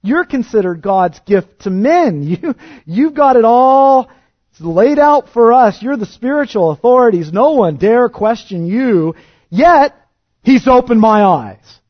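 A man's voice: very high voice, lively intonation, slow, dry recording, muffled recording, pitched above the performer's own voice, exaggerated voice. A man voicing a formerly blind man who boldly and mockingly rebukes religious leaders. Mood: defiant. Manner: emphatic, mocking and defiant.

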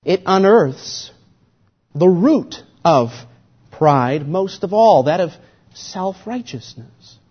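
A man preaching a sermon in a deliberate, emphatic way, his volume swelling and dropping. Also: high-pitched, expressive, slightly rough, dull audio.

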